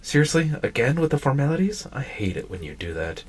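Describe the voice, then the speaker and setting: A man reading aloud in a high, shrill voice as a gullible, excitable schoolgirl who whines and protests. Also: brisk, faint music behind, lightly acted. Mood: excited.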